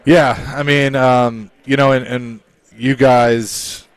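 A man hosting a sports talk radio show, speaking in a halting way with many pauses and fillers. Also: mid-range voice, fairly even intonation, smooth, no room sound.

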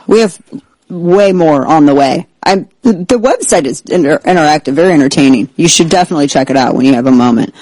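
A man hosting a talk show, excitable and sarcastic, who keeps breaking into exaggerated impressions. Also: on the high side, brisk, no echo, poor audio. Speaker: host. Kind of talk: animated political talk show banter.

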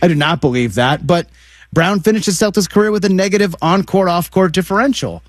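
A man's voice: high-pitched, brisk, dry recording, clean studio sound. A man co-hosting a casual sports talk show, rambling with frequent stammers and restarts, poking fun at himself.

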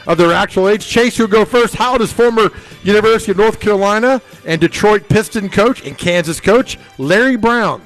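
A man hosting a casual radio show, quizzing his co-hosts with quick banter. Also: high-pitched, a bit bright, soft background music, poor audio.

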